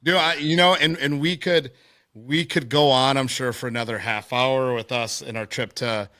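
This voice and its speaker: A man's voice: mid-range voice, fairly even intonation, moderate pace, bright, forceful tone, no echo, studio quality. A young man hosting a podcast in casual chat, laid-back and saying dude and man a lot. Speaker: podcast host.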